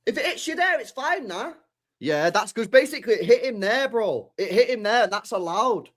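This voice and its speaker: A young man streams his reaction to a football match. He is excitable and slangy, cursing and shouting at the screen, with a very lively, swooping pitch. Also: moderate pace. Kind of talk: live stream reaction commentary.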